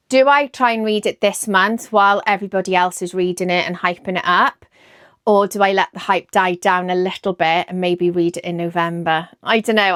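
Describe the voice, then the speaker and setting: A woman with a Welsh accent, chatting excitedly about books she plans to read and often second-guessing herself. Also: mid-range voice, no room sound, studio quality. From Wales. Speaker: book vlogger. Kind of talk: casual chat about books.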